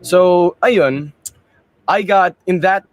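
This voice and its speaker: A man's voice: sits high, slow pace, muffled recording. A young man and pageant candidate, answering interview questions in a chatty, rambling way and mixing in Tagalog phrases. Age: young adult.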